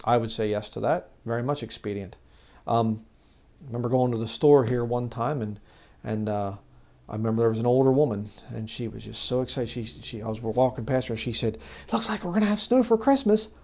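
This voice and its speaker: A man giving an informal bible teaching, talking conversationally and growing louder when he reads scripture. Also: mid-range voice, steady tone, brisk, hardly any pauses. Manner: conversational, rises loud when reading scripture; mocks legalists in put-on voices. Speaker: preacher.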